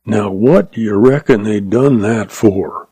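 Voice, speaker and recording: A slow-witted, blustering sheriff, as a male reader puts him on. The voice is low and gravelly, and it is recorded dry and close. It is a western audiobook. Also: warm tone, dry recording. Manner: meek then blustering.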